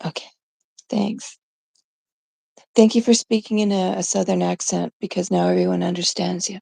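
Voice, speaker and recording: A woman's voice: fairly low pitch, steady tone, moderate pace, creaky, a little mellow, breathy edge, dry recording. A woman from Canada chatting casually on a live stream, rambling and giggling through mock-exasperated stories.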